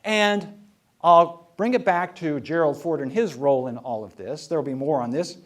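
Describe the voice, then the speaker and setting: A man with a high-pitched lecturing voice, wry storyteller. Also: moderate pace. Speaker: historian giving a talk. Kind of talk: public lecture with anecdotes. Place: talk before a live audience.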